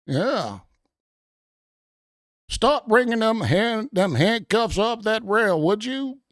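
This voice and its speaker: Excitable host yelling at a game, tons of swearing and repeats, lively pitch, dry close sound. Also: slow, no room sound. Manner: excitable, mock-panicked, swears freely, stammers and repeats itself; slips into a gruff, bossy police-officer act. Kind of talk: profane, joking gameplay commentary.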